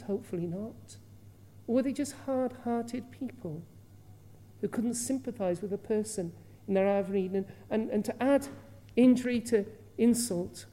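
A woman's voice: medium pitch, dark tone. A woman preaching an earnest Bible sermon, asking rhetorical questions and acting out the quoted voices with feeling. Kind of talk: expository sermon.

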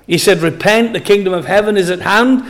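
A man preaching a sermon as pastor, stressing and repeating key phrases slowly. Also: high-pitched, a bit bright.

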